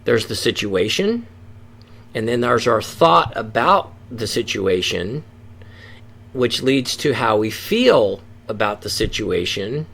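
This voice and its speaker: A man presenting a lesson on addiction recovery, earnest and explanatory, often restarting phrases and acting out inner thoughts. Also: mid-range voice. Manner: earnest, acts out inner thoughts in quoted voices, frequent restarts. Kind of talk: teaching presentation.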